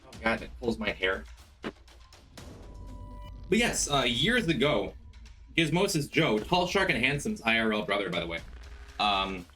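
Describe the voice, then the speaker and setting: Lively male streamer, excited greetings. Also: measured pace, long pauses, soft background music. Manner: animated, jumps into excited high greetings. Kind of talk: casual game-stream chat. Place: home room.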